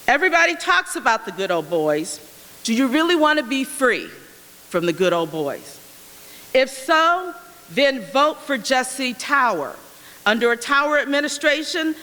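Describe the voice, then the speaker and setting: Firm, bright-voiced woman candidate. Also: a little high. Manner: firm, emphatic, repetitive slogans. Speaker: mayoral candidate. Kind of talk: candidate forum answers and closing statement. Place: school auditorium. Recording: reverberant hall.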